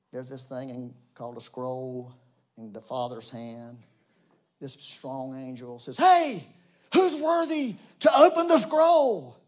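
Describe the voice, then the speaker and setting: A man preaching a sermon, talking straight to his congregation and swinging between loud emphatic bursts and soft low asides. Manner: conversational, addresses congregation directly. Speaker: pastor.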